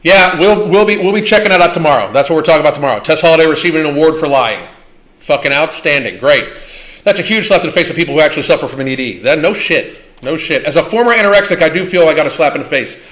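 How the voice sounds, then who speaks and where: A man's voice: fairly high pitch, animated, fast talker, a bit bright. A man hosting a livestream Q&A, talking in a blunt, profane and combative way. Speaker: livestream host. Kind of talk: livestream Q&A rant.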